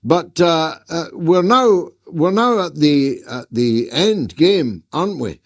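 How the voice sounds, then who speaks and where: A man hosting an interview, putting questions hesitantly with pauses and restarts. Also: fairly high pitch, lively intonation. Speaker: interviewer, host.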